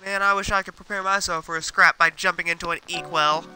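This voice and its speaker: A man's voice: high-pitched, normal speed, rough recording. A man hosting a gaming video, chatting casually and poking fun at his own play over game music. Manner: self-deprecating, relaxed. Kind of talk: casual gameplay commentary.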